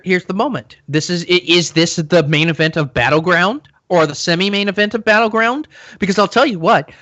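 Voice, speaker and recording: A man co-hosting a casual wrestling chat, opinionated and quick to cut in with his own points. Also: a little high, bright, forceful tone, lo-fi sound. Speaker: podcast co-host.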